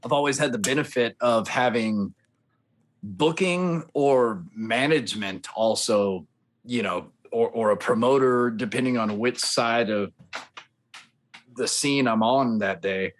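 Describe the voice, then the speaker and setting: A man's voice: mid-range voice, measured pace, a little hiss or hum. A man who works as a tour manager and sound engineer, chatting casually on a podcast in an easygoing, rambling way.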